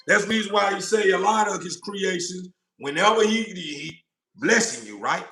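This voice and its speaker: A man's voice: high voice, expressive, normal speed, vocal fry, bright, forceful tone, soft background music. A man delivering a blunt, profane, impassioned monologue about God, acting out God and doubters in turn. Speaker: informal preacher. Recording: roomy echo.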